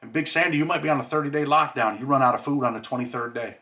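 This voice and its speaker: Brief: male host with a bright, forward voice and a streetwise, slangy manner. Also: mid-range voice, steady tone, racing. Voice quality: streetwise slang, says "man" often. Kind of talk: casual monologue.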